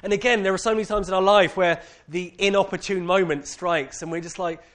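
A man with a British accent sharing a personal testimony with an audience, candid and animated, with many casual fillers. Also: sits high, a little fast.

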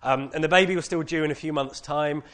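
His pitch leans high and his pace is quick as this British man tells an audience his personal story. He's open and lively, with lots of casual filler words.

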